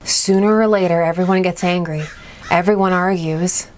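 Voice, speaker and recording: A woman voicing a village man in a game who stays unnervingly cheery and calm as he speaks. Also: fairly low pitch, normal speed, slight background noise, lightly acted. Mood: calm, placating. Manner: soft, placating, unnervingly cheery.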